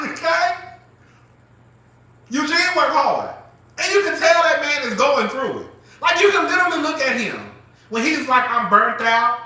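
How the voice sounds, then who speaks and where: A man with a very high, sharply bright voice hosts a live chat show, animated and profane and often laughing. His voice rings in a very echoey room. He sits a little back from the mic. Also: recorded from a distance. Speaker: host. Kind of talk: casual live commentary.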